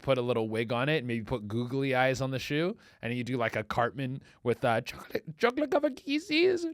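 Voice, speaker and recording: A man in his thirties hosting a comedy podcast, rambling crudely and excitably and jumping into silly voices. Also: mid-range voice, no echo, studio quality. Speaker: podcast host.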